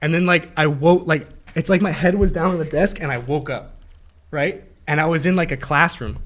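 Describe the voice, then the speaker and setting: A young man with a fairly high voice tells a long, winding dream story to his friends. He talks in a lively, animated way, laughs often and acts out the voices of the people in the story. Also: normal speed. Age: young adult. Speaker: host. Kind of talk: casual storytelling among friends.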